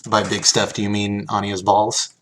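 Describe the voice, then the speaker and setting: A man's voice: fairly low pitch, monotone, moderate pace, a bit bright, slight background noise. A man casually chatting on a live stream, reading card text aloud and thanking viewers as he opens packs.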